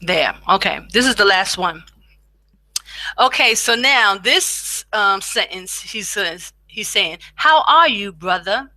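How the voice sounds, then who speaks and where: A woman teaching a beginner language lesson, slowly repeating each phrase for practice, with chatty asides. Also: medium pitch, expressive, sharp tone, no echo.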